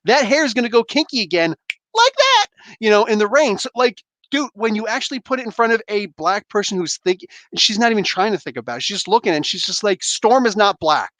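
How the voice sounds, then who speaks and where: A man in his thirties hosting a casual livestream chat from home on a headset mic, rambling and animated with lots of fillers and restarts. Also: sits high, fast talker, hardly any pauses, no echo. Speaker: livestream host. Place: home room. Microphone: gaming headset.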